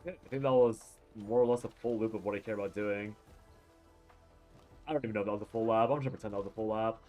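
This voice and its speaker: A man's voice: fairly low pitch, fairly even intonation, racing, a little mellow, muffled recording, faint music behind. A man streaming a game, chatting casually and rambling with jokes, swearing and frequent laughter while tired and yawning. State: sleepy, yawning. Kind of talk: casual live-stream commentary while playing.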